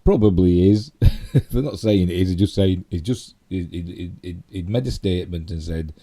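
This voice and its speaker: Man, Yorkshire accent, middle-aged, low voice, slightly hoarse, rambling chatty live-stream host. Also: moderate pace, mellow. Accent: Yorkshire English. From Yorkshire, England. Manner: rambling, chatty, with many fillers and self-asides. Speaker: channel host. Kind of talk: casual live-stream commentary.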